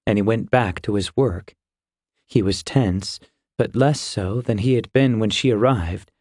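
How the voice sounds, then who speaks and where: A man's voice: lowish voice, a little slow, a little mellow, dry recording. Man narrating a fantasy audiobook, dry sound.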